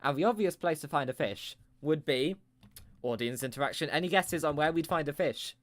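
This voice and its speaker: A man's voice: on the high side, expressive, fairly quick, a bit bright. A man telling a rambling improvised comic story with playful, self-mocking asides.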